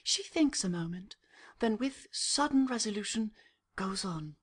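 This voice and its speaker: Husky woman reading stage directions. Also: mid-range voice, lively intonation, a little slow. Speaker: narrator.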